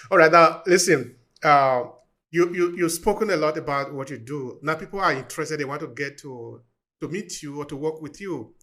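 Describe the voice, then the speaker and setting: A male podcast host asking measured, polite questions and closing the show. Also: on the high side, sharp tone. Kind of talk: interview questions and show outro.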